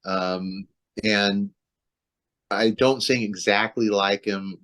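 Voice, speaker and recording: A man's voice: fairly low pitch, steady tone, slow pace, a bit bright. A man, a metal singer, talking loosely about his career on a video call, with lots of restarts and fillers. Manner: rambling, many restarts and fillers. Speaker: metal vocalist, interview guest. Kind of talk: casual video-call interview.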